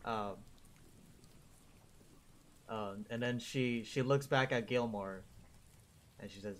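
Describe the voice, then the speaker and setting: Slow, halting man as dungeon master. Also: medium pitch. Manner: slow, hesitant with restarts. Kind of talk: narrating a tabletop game.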